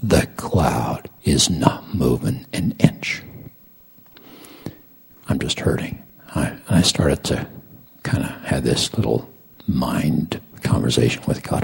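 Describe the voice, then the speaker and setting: A middle-aged man preaching a sermon as a story. He tells it dramatically, swinging from loud lines to hushed whispers. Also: rumbling low, lively intonation, slow, pauses often. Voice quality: gravelly, raspy.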